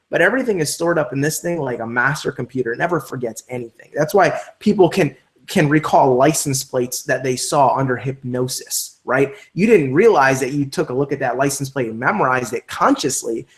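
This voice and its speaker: A man leading a live online training session for network marketers, talking in an energetic, emphatic coaching way. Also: medium pitch, a little fast.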